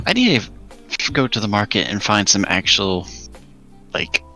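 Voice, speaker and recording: A deep-voiced young man in his late teens, streaming and chatting casually while drawing, animated and jumping to a high squeak when excited. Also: slow pace. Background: chill music.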